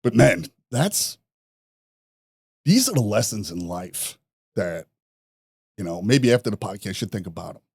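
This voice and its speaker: A man, a podcast guest telling rough stories in a profane, animated way, laughing at his own jokes. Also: on the low side, normal speed, long pauses, no room sound, studio quality. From New York. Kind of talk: casual storytelling.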